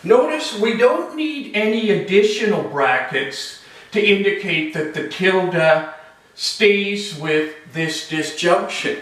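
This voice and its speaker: A man teaching a logic lesson, talking through examples slowly and deliberately. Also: fairly high pitch. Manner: slow, deliberate, lively rising and falling intonation. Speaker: logic instructor. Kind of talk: recorded lecture. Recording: echoey room, voice far from mic.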